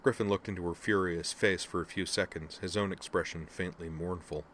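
A man narrating fiction aloud in a steady, even storytelling manner. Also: deep voice, brisk, a little hiss or hum. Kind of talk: audiobook fiction reading.

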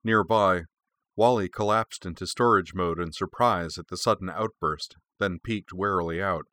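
A man narrating an audiobook in a measured, expressive reading. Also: low-pitched, no echo.

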